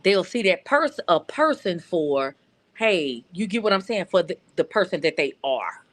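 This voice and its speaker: A woman's voice: on the low side, big pitch swings, measured pace. A middle-aged woman from North Louisiana calling in to a casual chat, talking earnestly and often repeating words as she searches for them. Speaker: caller.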